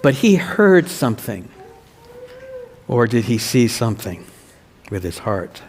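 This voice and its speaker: Slow-talking pastor in a reverberant church. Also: male voice, medium pitch, big pitch swings, darkish tone, slight background noise. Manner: slow, storytelling, asks children questions. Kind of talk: children's sermon.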